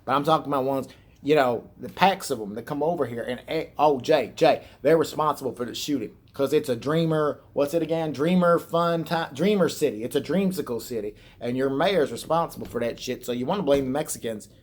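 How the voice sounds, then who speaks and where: A man's voice: medium pitch, fairly quick. A man ranting on his vlog in a rambling, sarcastic and profane way. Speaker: vlogger. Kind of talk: rambling satirical rant.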